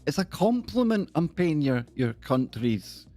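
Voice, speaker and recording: A man's voice: a little high, sing-song, measured pace, warm tone, soft background music. A man hosting a casual live stream, chatty and jokey, greeting viewers by name.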